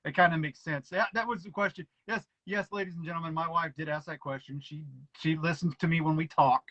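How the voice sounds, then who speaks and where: A man hosting a relaxed podcast chat, his voice high and bright. He talks fast and eagerly, often restarting his words. The sound is dry and a bit dull, like a lo-fi mic. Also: no echo. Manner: quick, eager, stumbles over words. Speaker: podcast host. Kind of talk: casual chat.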